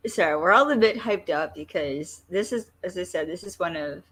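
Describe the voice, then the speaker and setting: A woman's voice: fairly low pitch, animated, normal speed, fairly bright tone, slightly rough. A woman hosting a podcast in loose, jokey casual chat, swearing freely. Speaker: podcast host.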